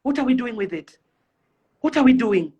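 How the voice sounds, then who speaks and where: A woman's voice: fairly high pitch, animated, normal speed, warm tone, slightly rough, highs cut off. A young Kenyan woman delivering an impassioned rant to camera, pleading and fiery, firing off rhetorical questions. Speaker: celebrity influencer.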